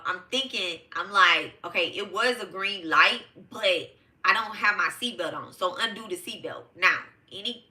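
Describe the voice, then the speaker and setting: A woman's voice: mid-range voice, bright, forceful tone. A middle-aged woman from Detroit telling a personal story to her live audience in a casual, emphatic and profane way, calling them y'all. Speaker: host of a live tarot show.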